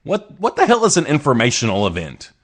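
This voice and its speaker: A man from the States hosts his own show and riffs on strange news with a sarcastic, rambling delivery. His pitch swings widely as he jokes through each story. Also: huge pitch swings, brisk. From United States. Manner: sarcastic, rambling asides with restarts. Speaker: podcast host. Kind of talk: casual comedic news commentary.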